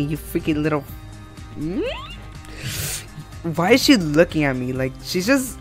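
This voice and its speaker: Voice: mid-range voice, expressive, takes it slowly, pauses often, soft background music. A gaming channel host giving live gameplay commentary in a jumpy, panicky way, exclaiming often.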